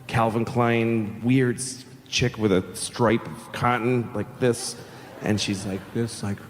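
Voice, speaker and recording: A man's voice: mid-range voice, fairly even intonation, takes it slowly. A man doing a stand-up comedy set, telling rambling, profane stories in a loose conversational way. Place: large theater stage. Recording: long hall reverb with audience noise.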